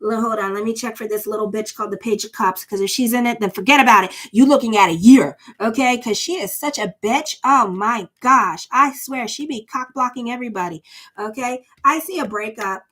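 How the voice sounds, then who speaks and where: A woman's voice: a little high, brisk, sharp tone. A woman astrologer giving a casual tarot reading, chatty and blunt, with lots of fillers. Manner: chatty, blunt and sassy, many "you know" fillers.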